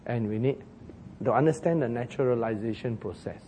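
A man preaching a sermon as pastor, telling the story in an animated way, acting out the quoted voices and chuckling at his own jokes. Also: mid-range voice, a little fast, a little hiss or hum.

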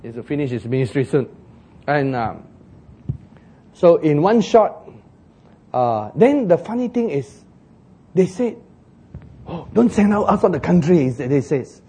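Animated man preaching. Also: a little high, measured pace, long pauses, husky. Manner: animated, jokey storytelling with acted shouts and laughs. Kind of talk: sermon.

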